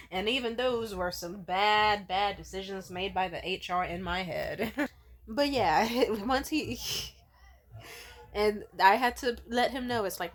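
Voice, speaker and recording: A woman's voice: medium pitch, takes it slowly. A young woman vlogger telling a candid, profane story in a casual way and laughing often.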